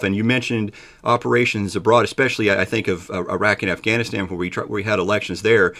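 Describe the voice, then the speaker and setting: A man hosting a podcast, asking measured, thoughtful interview questions. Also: fairly low pitch, fairly bright tone. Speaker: podcast host.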